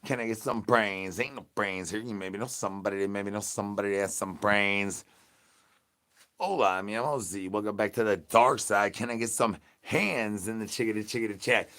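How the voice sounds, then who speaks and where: Crude male zombie, drawl, rambling nonsense rhymes, lowish voice, played by a man. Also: normal speed, pushed and bright. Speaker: comedy channel host. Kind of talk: improvised comedy rant.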